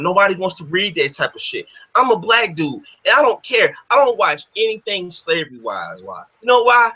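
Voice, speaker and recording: A man's voice: high voice, bright, forceful tone. A man hosting a casual discussion, ranting in a heated, profane, emphatic way. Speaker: podcast host. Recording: dull lo-fi audio.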